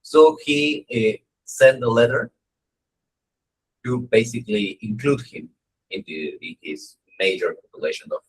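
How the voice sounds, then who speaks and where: On a low-quality recording, a man with a medium-pitched, slightly rough voice speaks a little slowly as a dharma teacher. His lecture is humorous and conversational, full of stories, jokes, and animated energy, with frequent "right?" check-ins.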